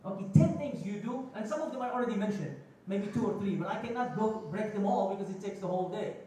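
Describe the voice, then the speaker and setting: In an echoey mosque prayer hall, a man delivers a Friday khutba, telling stories with acted-out quotes and phrases. His voice sits high and warm, and he speaks quickly. The distant mic picks up slight background noise.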